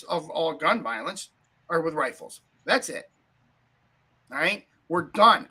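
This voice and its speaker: Angry, gravelly high-voiced man. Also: bright, forceful tone, rough recording. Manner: angry, profane, keeps asking "right?". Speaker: podcast host. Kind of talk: heated political talk.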